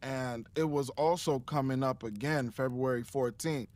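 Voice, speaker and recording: A man from Chicago, a guest in a casual interview, telling a story haltingly with chuckles. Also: mid-range voice, steady tone, a little mellow.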